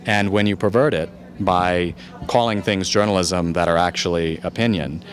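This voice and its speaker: A man from the United States, a journalist, answering audience questions after a film screening in a calm, measured, thoughtful way. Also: low voice. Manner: thoughtful, searching for words.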